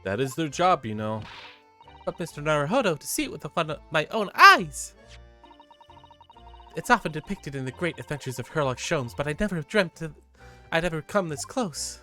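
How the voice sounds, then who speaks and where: A man's voice: on the high side, very animated, moderate pace, bright, forceful tone, faint music behind, voice pushed up, exaggerated voice. A man voicing a polite, eager young female assistant in a game. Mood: excited.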